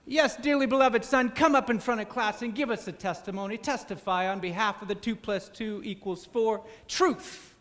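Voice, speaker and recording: A man putting on the voice of a theatrical evangelist preacher, with a drawn-out preaching cadence. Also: high voice, a bit bright, long reverb tail, pitched above the performer's own voice. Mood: rousing. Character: pompous male evangelist preacher, booming and theatrical.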